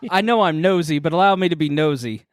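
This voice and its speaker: A man's voice: high-pitched, animated, moderate pace. A man co-hosting a comedy podcast, teasing and nosy, laughing often. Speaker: podcast co-host. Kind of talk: casual comedic chat.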